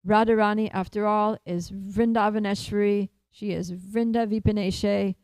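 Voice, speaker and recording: Woman doing strict scolding friend in a told story, firm and emphatic, warm mellow tone, dry close sound. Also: mid-range voice, steady tone, normal speed, dry recording, close to an everyday voice. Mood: stern scolding. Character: stern protective female friend, scolding.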